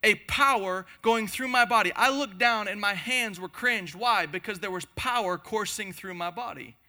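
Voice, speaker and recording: A man's voice: high voice, normal speed, pushed and bright, soft background music. A man preaching a passionate sermon to a congregation, speaking in emphatic, repeated phrases. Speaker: pastor. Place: church hall before a congregation.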